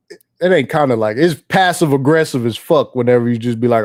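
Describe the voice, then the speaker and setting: Slangy, laughing casual commentator. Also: male voice, a little high, very animated, moderate pace, pauses often, no room sound, studio quality. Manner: slangy, laughing, rambling, profane. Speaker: commentary streamer.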